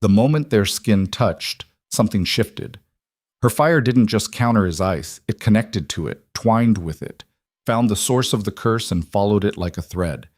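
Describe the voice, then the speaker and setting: Low-voiced male story narrator. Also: animated, unhurried, no room sound, studio quality. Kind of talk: scripted narration.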